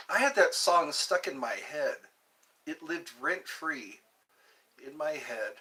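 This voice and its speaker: A man hosts a casual livestream, playfully chatting and reading his viewers' comments aloud. His voice sits on the high side and is expressive, bright and pushed, with a slightly slow pace.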